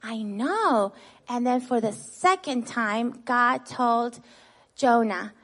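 Speaking slowly in a voice on the high side, a woman gives children a Bible lesson, expressively retelling the story. Nearly every sentence gets a "right?", and she asks the kids questions, then answers them herself.

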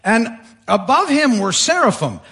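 A man's voice: extremely high pitch, sing-song, measured pace, creaky, bright, forceful tone. A male pastor preaching a sermon, telling the story with animation, acting out voices and often restarting his sentences. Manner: frequent fillers and repeated starts.

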